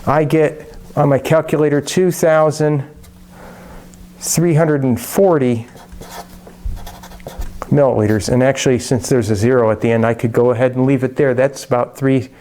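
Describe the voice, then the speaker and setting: Male chemistry teacher, mid-pitched, warm and mellow, casual and self-correcting. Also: fairly even intonation, moderate pace, pauses often. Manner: chatty, self-correcting, jokey asides. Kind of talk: casual lecture.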